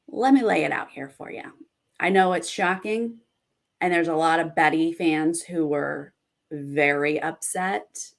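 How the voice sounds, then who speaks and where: This young woman's voice sits low and comes out creaky and a little slow. She's hosting an easygoing reality TV recap, excitedly responding to and reading viewer comments.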